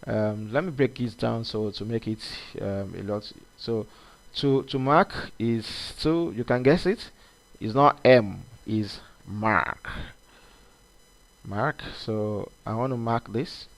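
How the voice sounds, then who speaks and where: A man talks through a screen-recorded coding lesson, circling back on his words with plenty of fillers and restarts. His voice sits at an ordinary middle pitch, and the delivery is loose and unscripted. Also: a little slow, vocal fry. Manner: rambling, many fillers and restarts. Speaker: coding instructor.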